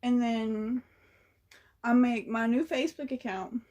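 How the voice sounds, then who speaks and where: A woman's voice: on the high side, unhurried. A young woman vlogger telling a personal story in a casual, slangy, chatty way. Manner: chatty, slangy, animated retelling.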